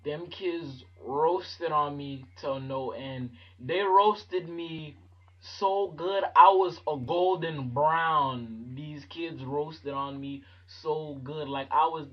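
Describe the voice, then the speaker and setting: A man telling a funny story in his vlog, talking in an animated, slangy way and jumping into voices. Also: a little high, lo-fi sound. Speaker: vlogger.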